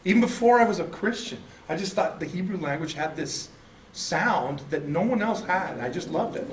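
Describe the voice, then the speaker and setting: A man's voice: high voice, lively intonation, moderate pace, slight background noise. A man teaching a casual church class, chatty and self-deprecating, often laughing at himself. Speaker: Bible study teacher. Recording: echoey room, mic at a distance.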